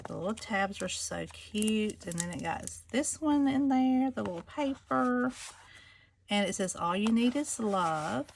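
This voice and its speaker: Chatty woman for a crafting vlog, gushing, with a gravelly fry in the voice. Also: mid-range voice, a little hiss or hum. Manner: gushing, chatty, addresses viewers as y'all. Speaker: craft seller showing planners. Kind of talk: casual show-and-tell vlog.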